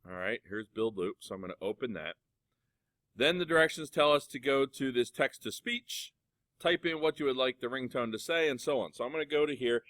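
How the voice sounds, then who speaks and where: A middle-aged male music teacher walking students through software in a casual, chatty way. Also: mid-range voice, no echo. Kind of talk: classroom software tutorial. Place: computer lab classroom.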